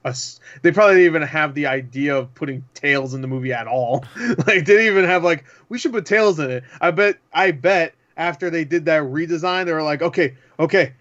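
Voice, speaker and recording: A man co-hosting a casual gaming podcast, excitable, swearing and laughing as he talks. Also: fairly high pitch, brisk, few pauses, lo-fi sound. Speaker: podcast co-host.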